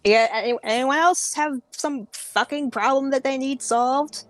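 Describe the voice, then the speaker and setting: A woman's voice: high voice, unhurried, no room sound, soft background music, pitched above the performer's own voice. A woman voicing a grumpy, foul-mouthed old male dragonborn healer in a tabletop game. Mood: gruff. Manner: swearing, gruff, exasperated.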